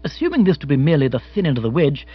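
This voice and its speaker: A man reading a comic novel aloud as audiobook narrator, in an expressive, animated way. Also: on the high side, rapid-fire, husky, no room sound, lo-fi sound.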